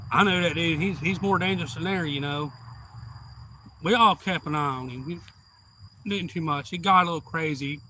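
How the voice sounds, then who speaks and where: Whooping and cussing, a man acts out quotes from the people in the wild story he's telling on a live stream, all in an excitable rush. The voice leans high, and the low-quality recording has a little hiss or hum.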